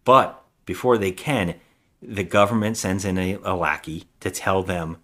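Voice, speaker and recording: Low-voiced man recapping a film. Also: a little slow, a bit bright. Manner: rambling plot recap with restarts. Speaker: podcast co-host. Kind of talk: casual movie review chat.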